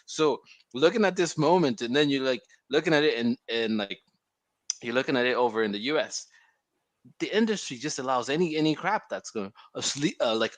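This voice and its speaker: A man's voice: medium pitch, animated, a little fast, dry recording. A man co-hosting a podcast, talking casually in long, rambling runs full of restarts. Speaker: podcast co-host. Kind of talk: casual chat.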